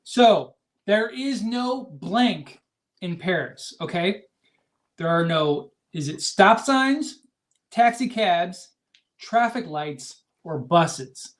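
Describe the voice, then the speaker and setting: A woman's voice: lowish voice, animated, slow. A woman co-hosting a casual livestream, chatty, reading quiz questions and facts aloud. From Florida, US. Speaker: co-host reading trivia.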